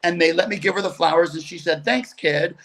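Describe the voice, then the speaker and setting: A middle-aged man, a guest comedian, telling stories animatedly over a video call. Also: on the high side. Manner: animated, chatty, quick asides. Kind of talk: casual storytelling on a video call.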